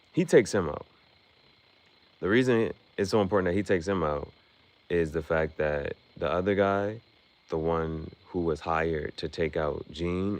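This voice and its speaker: A man casually recapping an anime episode on his stream, in a loose, chatty way full of fillers and restarts. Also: low-pitched.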